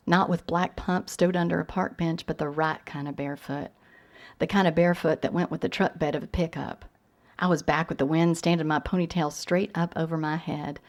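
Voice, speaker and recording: A woman novelist with a softened Southern accent, answering questions thoughtfully with gentle pauses, then giving an unhurried, lyrical reading of her fiction. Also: fairly low pitch. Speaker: visiting novelist. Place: university lecture hall.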